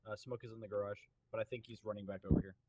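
A man's voice: fairly low pitch, steady tone, racing, heavy background noise. A young man playing a game with a friend, teasing and laughing a lot. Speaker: streamer's co-player. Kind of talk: casual gaming chat.

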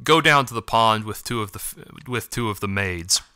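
A man playing a cold, harsh cat elder who gives orders without warmth. The storybook voice is crisp and bright, with a dry close sound. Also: fairly low pitch, normal speed, dry recording. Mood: stern. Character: stern cold old male cat elder.

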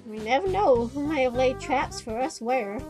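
A woman's voice: sits high, expressive, normal speed, music in the background. Woman doing a drawling hillbilly bird teacher. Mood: stern. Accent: put-on hillbilly drawl. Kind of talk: reading game dialogue aloud.

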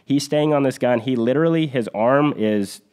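A man's voice: medium pitch, moderate pace, a little mellow, clear, resonant tone. A man hosting a podcast, retelling a battle story in an earnest, vivid conversational way, with restarts and fillers. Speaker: podcast host.

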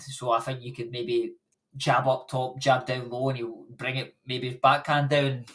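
A man's voice: medium pitch, little pitch movement, brisk, fairly bright tone. A young Scottish man, a boxer, chatting loosely in an interview and rambling through stories with frequent laughs. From Scotland. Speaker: boxer, guest. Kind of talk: casual interview chat.

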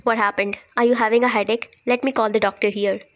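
A woman voicing a young man who overacts as a rich fake boyfriend, in an exaggerated, showy manner, for a fan-fiction audio story. Her voice sits fairly high. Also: level tone, fast talker, highs cut off, natural voice.

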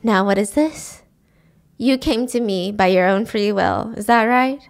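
A woman's voice: mid-range voice, a little slow, creaky. A woman voicing a vengeful older woman who taunts her victim coldly. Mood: taunting.

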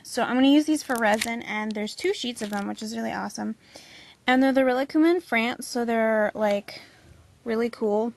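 A young woman filming a casual haul video, gushing excitedly with lots of "like" and "oh my god". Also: on the high side, normal speed, vocal fry. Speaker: vlogger showing a haul.

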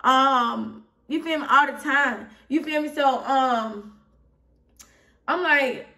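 A woman's voice: high-pitched, slow, bright, forceful tone, far from the mic. A young woman with an Atlanta Southern accent, telling a rambling, candid storytime and asking "you feel me" again and again. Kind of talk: casual storytime vlog.

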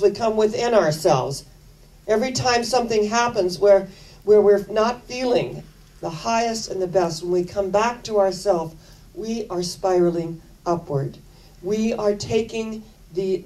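A woman's voice: on the low side, warm tone, recorded from a distance, rough recording. An older woman minister giving a sermon, telling personal stories in an earnest, conversational way and repeating phrases for emphasis.

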